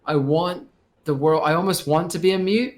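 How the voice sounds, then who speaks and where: Male co-host, casual gaming talk, slightly high voice, thoughtful delivery. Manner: drawn-out, thoughtful, acts out game dialogue. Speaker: podcast co-host.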